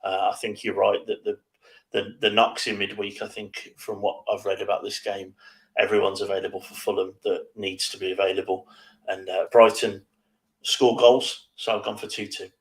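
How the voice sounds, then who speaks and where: A man co-hosting a casual football preview show, giving his predictions in a measured, slightly hesitant way. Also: on the low side, level tone, vocal fry, low-quality recording. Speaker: football podcast co-host.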